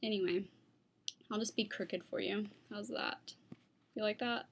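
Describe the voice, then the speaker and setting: A woman's voice: medium pitch, steady tone, measured pace, creaky. A young woman chatting casually to her computer camera at home, rambling from one thing to the next and talking to her dog. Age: young adult. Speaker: vlogger. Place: at home, indoors. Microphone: computer webcam.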